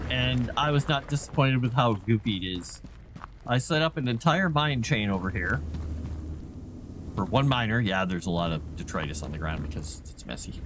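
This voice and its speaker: A man giving goofy, casual commentary while he streams a game. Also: mid-range voice. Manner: goofy, chatty. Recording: noisy background.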